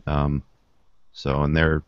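A man's voice: very deep voice, monotone, slow pace, no room sound. A man co-hosting a podcast, explaining a product hesitantly and repeating words. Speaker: podcast co-host. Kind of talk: casual chat. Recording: dull lo-fi podcast audio.

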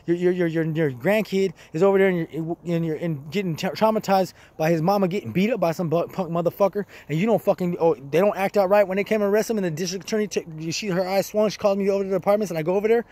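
A man in a furious, profane rant, hurling rapid insults. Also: sits high, dark tone. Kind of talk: angry rant.

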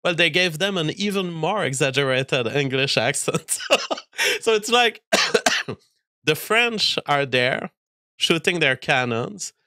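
A man's voice: on the high side, expressive, takes it slowly, sharp tone, no echo, studio quality. A man hosting a show and giving a casual spoken film review, exasperated and rambling, often breaking off and restarting sentences.

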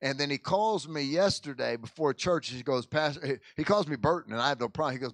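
A man's voice: on the high side, brisk, hardly any pauses, dry recording. A man, a pastor, speaking casually to his congregation in a church service, stumbling over and repeating words as he talks and prays. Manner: folksy, repeats and restarts words often, says "man" and "amen". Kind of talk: informal church service talk and prayer. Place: church sanctuary.

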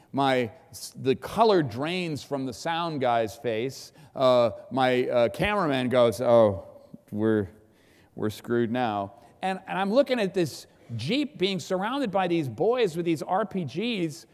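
A middle-aged man giving a keynote speech, an animated storyteller who acts out shouting. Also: medium pitch. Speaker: keynote speaker. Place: large event hall. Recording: long hall reverb.

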